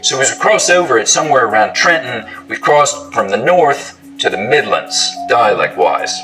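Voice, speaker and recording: A man's voice: medium pitch, lively intonation, normal speed, over music. A man, an accent expert, narrating a tour of accents and playfully demonstrating their sounds. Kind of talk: explanatory narration. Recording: distant mic.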